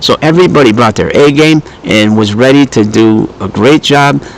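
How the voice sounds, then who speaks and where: A man giving a casual movie review, animated and storytelling, who swears freely and acts out the lines he quotes. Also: mid-range voice, moderate pace, slight background noise, low-quality recording.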